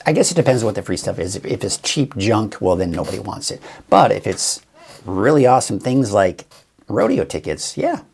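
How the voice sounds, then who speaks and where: Gravelly-voiced man giving a chatty forecast. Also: fairly low pitch, darkish tone, slight background noise. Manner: chatty, explains as he goes, addresses viewers directly. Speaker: TV weather forecaster and show host. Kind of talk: casual live weather forecast.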